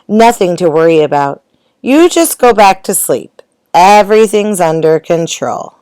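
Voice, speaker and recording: A woman voicing a small, cheerful boy elephant who agrees quickly in a storybook. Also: fairly low pitch, expressive, a little mellow, smooth, no echo.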